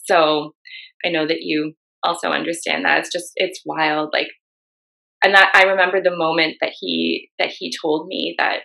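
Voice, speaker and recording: Make it a low, gravelly young woman. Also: level tone, normal speed, pushed and bright, rough recording. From Canada. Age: young adult. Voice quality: frequent "like" fillers, emotional storytelling. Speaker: co-host. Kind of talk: candid conversation about grief.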